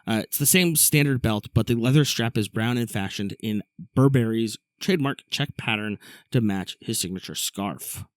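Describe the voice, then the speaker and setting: A man's voice: on the low side, no echo. A man hosting a casual wrestling podcast, recapping a show and reading an ad for the listeners. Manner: recaps matches briskly, reads an ad read. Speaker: podcast host.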